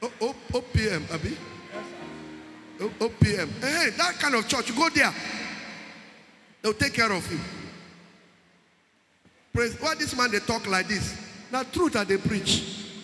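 Nigerian male pastor, very high bright voice, sermon in an echoey church hall. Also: expressive, measured pace, pauses often, faint music behind. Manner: preaching with pidgin asides, shouting at times.

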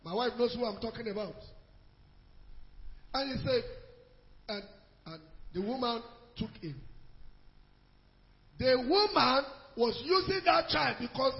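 A Nigerian man preaching in church, telling a story in a sermon and rising to shouts for emphasis. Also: very high voice, measured pace, long pauses. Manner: animated, rises to shouts for emphasis. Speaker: pastor. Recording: echoey hall, dull lo-fi sound.

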